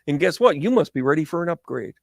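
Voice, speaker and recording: A man's voice: on the high side, animated, fast talker, creaky, no echo, clean studio sound, pitched above the performer's own voice. A man voicing a chatty, pushy woman who works as a phone-store clerk and upsells breezily. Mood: breezy.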